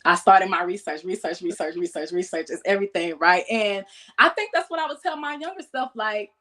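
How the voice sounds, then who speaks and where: A woman, a podcast guest casually telling animated stories about keeping exotic pets and acting out quoted voices. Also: medium pitch, brisk. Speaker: guest, exotic pet keeper. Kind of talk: casual storytelling chat.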